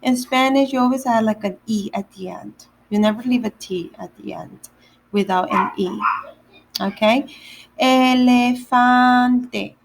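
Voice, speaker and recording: A woman teaching animal words to children in a slow, patient lesson, repeating each word and spelling it out letter by letter. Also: medium pitch, gravelly, slight background noise. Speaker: day camp Spanish teacher.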